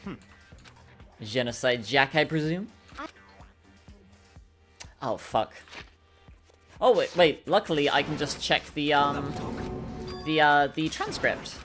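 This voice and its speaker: A woman streamer with a naturally low voice, chatting self-consciously with many fillers while recording lines. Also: expressive, a little slow, long pauses, over music.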